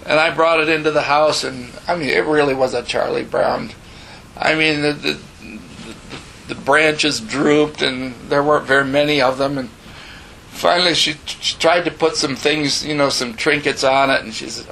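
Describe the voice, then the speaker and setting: An older man preaches in a bright, slightly high voice with a gravelly edge. His sermon is folksy and loose, and he often repeats and restarts his words. A faint hum sits under the voice. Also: fairly even intonation, normal speed, rough recording.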